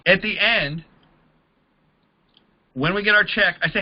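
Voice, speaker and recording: High-voiced man coaching recruiters. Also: moderate pace, pauses often, highs cut off. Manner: casual, acts out both sides of conversations. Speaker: network marketing trainer. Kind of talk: training talk to a group.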